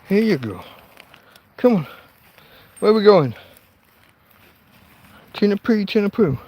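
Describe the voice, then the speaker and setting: A man's voice: high voice, sing-song, slow, dark tone. A man, hosting a casual livestream from a tent in a field, talking to his dog in an exasperated, sweary way. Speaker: livestream host. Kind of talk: casual night-time livestream chat.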